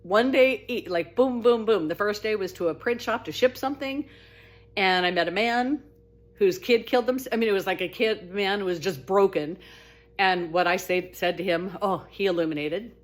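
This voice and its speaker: A woman telling her own spiritual story in a casual, talkative monologue. She is earnest and expressive, and her voice lifts when she gets excited. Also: normal speed. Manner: animated and expressive, voice rising high when excited; earnest, talkative, with frequent restarts.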